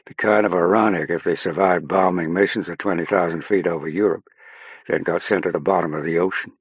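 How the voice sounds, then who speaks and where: A man's voice: low voice, steady tone, brisk, slightly rough, dry recording. A man voicing an easygoing airman who is a doctor. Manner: easygoing, shouting over crowd later.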